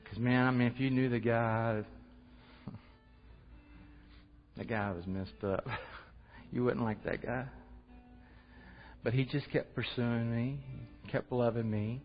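A man's voice: mid-range voice, steady tone, slow pace, long pauses, soft background music. Man, middle voice, earnest conversational testimony, reverberant hall, dull lo-fi sound. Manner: earnest, conversational, laughs at himself. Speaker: church speaker sharing testimony. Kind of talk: personal testimony and prayer. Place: church hall. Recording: muffled audio with long hall reverb.

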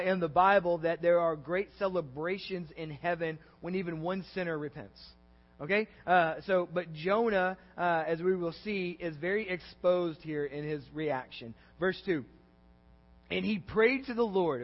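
A man with a high-pitched voice preaches in a relaxed, conversational way. He acts out the lines he reads with animated feeling. The sound carries a long church-hall reverb and a dull, lo-fi tone. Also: normal speed. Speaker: pastor. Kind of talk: sermon. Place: church sanctuary.

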